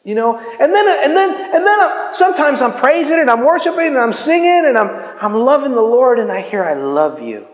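Male preacher, high voice, loose and chatty delivery with stammered restarts; roomy hall with long reverb. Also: brisk, hardly any pauses. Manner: casual, animated, with many stammered restarts. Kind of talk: informal sermon.

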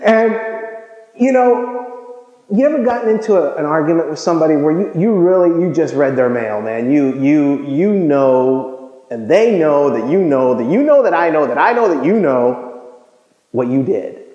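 A man preaching a sermon, lively and joking, acting out everyday conversations with put-on voices. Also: moderate pace. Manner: animated, acts out dialogue with funny voices. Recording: echoey hall, dull low-fi sound.

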